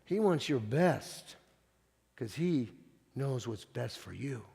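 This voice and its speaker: A male pastor delivers a sermon in a relaxed, conversational manner. He stumbles and restarts often as he tells his stories. His middle-pitched voice carries the long reverb of a church hall. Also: takes it slowly, gravelly, slightly rough. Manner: conversational storytelling with frequent restarts.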